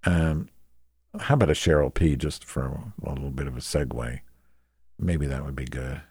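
A man's voice: a bass voice, normal speed, a little mellow, slight background noise. A man telling a rambling comic story, crude and sarcastic, often going off on tangents.

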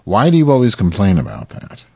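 Male podcast co-host; lowish pitch, rambling profane chatter, dry close sound. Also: wildly swooping pitch, a little fast, vocal fry, darkish tone, husky, no echo. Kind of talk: casual chat.

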